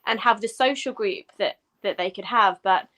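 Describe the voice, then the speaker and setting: A woman with an English accent, a guest in a casual podcast interview, explaining things in a measured way with frequent ums and you-knows. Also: medium pitch, bright, forceful tone. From England. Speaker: guest, education professor.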